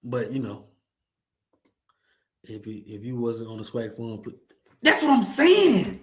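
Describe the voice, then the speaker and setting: A man's voice: mid-range voice, huge pitch swings, measured pace, fairly bright tone. A man hosting a casual sports podcast, ranting in slangy talk and repeating himself. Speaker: podcast host.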